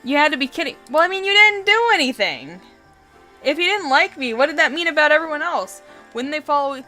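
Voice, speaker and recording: A woman's voice: high-pitched, big pitch swings, brisk, pushed and bright, faint music behind. A young woman hosting a let's play, reading a visual novel aloud with giggly, chatty asides.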